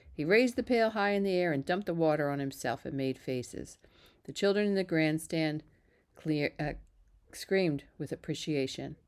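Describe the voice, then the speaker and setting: A woman's voice: sits low, clear, resonant tone. Woman reading a children's book aloud. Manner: steady, even narration with small slips. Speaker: reader. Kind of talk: storybook read-aloud.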